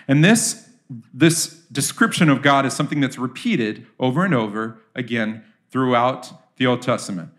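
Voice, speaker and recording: A man's voice: medium pitch, moderate pace, fairly bright tone. A man giving a sermon in a church as a pastor, talking conversationally and asking the audience questions.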